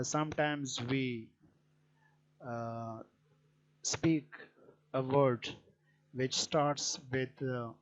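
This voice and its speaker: Man, teacher, very slow, hesitant fillers, muffled lo-fi sound. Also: medium pitch. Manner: deliberate, with frequent hesitant fillers. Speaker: English teacher. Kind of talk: explanatory grammar lecture. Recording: dull lo-fi recording.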